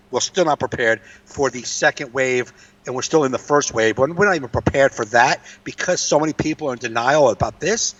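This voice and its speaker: Heard through a distant, dull lo-fi mic, a man with a mid-range, fairly bright voice co-hosts a casual comedy podcast. He rants in a profane, exasperated way.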